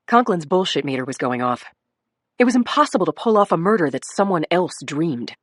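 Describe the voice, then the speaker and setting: A woman's voice: lowish voice, sing-song, a little fast, no room sound, studio quality. A woman reading a crime audiobook in a dramatic narration style. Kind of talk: scripted narration.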